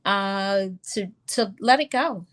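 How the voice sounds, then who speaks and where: A middle-aged woman pediatrician speaks in an easy, conversational way on a podcast. Her voice sits at an ordinary middle pitch, and she often slips into quick quoted exchanges with her patients when telling a story. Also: fairly bright tone. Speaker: pediatrician guest. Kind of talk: casual podcast interview.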